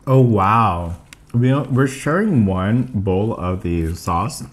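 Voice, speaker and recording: A man's voice: lowish voice, animated, slow. A man co-hosting a casual eating video, chatting while he eats and filling his talk with "like" and "you know". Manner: rambling, full of "like" and "you know". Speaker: co-host.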